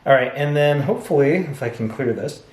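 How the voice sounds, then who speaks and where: A man teaching an English lesson, explaining step by step and reading example sentences aloud, pausing and correcting himself as he goes. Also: medium pitch, lively intonation, echoey room. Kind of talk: recorded lesson.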